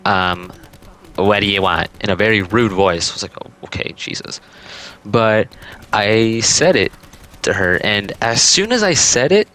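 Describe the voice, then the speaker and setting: A man's voice: medium pitch, pushed and bright. A young man telling a childhood story in a casual, rambling way, full of "like" and "um". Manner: rambling, heavy use of "like" and "um". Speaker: storytime vlogger.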